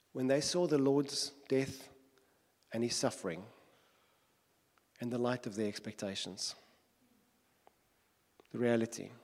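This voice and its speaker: A man's voice: medium pitch, a little mellow. A man delivers an earnest sermon in a mid-range voice and builds his points through repetition and rhetorical questions. His voice rings with a long reverb, like a large church hall. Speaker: preacher.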